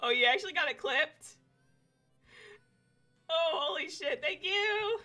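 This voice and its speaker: A young woman streaming a game live from home on a desk mic, excitable, swearing freely and talking to her chat. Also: high-pitched, measured pace, faint music behind.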